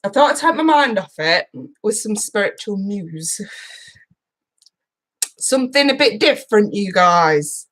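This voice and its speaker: A woman's voice: mid-range voice, lively intonation, measured pace, long pauses, a bit bright, poor audio. A woman, a tarot reader hosting a live stream in a casual chat, greeting viewers by name, swearing freely and emotional, laughing through it. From United Kingdom.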